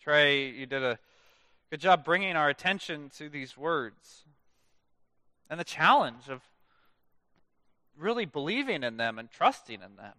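A male pastor in his thirties delivers a sermon with a high, lively voice that swings widely in pitch. His tone is bright, and the sound is dry and close. Phrase ends often sink into quiet, drawn-out drops. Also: no room sound. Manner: animated storytelling with dramatic soft drops at phrase ends. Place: church.

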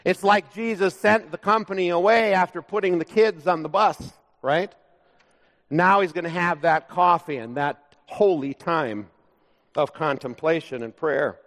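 A male pastor preaching a sermon in a church, speaking in a measured, conversational way with light humor. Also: fairly high pitch, fairly even intonation, fairly bright tone. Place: church sanctuary. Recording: long reverb of a large church.

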